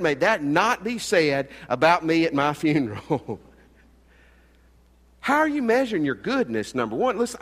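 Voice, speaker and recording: A middle-aged man preaching a sermon as pastor, earnest, swinging between loud emphasis and quiet asides. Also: mid-range voice. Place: church sanctuary. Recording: long hall reverb.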